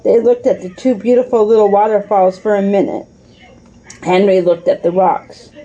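A woman narrating a children's storybook aloud at a clear, even pace. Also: medium pitch, moderate pace, muffled recording.

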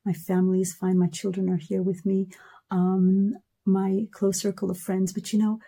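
Woman pouring her heart out in a video message, warm husky voice, piles up repeated words. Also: medium pitch, completely flat delivery, moderate pace. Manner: impassioned, repeats words in rising lists. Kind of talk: emotional personal testimony.

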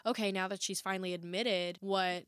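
A woman's voice: mid-range voice, normal speed, clean tone, no room sound. Chatty woman, dry close recording. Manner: animated, acts out movie quotes. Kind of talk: casual film discussion.

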